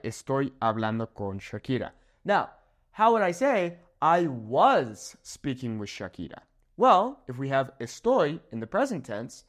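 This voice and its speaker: A man teaches at a whiteboard with a lively, bouncing delivery that rises and falls as he stresses each point. His pitch sits in an ordinary middle range. He walks through the rules step by step and keeps asking "okay?" to check in with his viewers. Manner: animated, checks in with "okay?" often. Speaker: Spanish teacher. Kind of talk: whiteboard grammar lesson. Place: room with a whiteboard.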